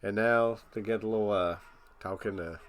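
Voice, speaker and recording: A man's voice: fairly low pitch, steady tone, moderate pace. A man hosting a live stream, reacting to a broadcast in a laid-back, rambling way. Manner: laid-back, rambling, uses filler phrases. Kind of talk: casual reaction commentary.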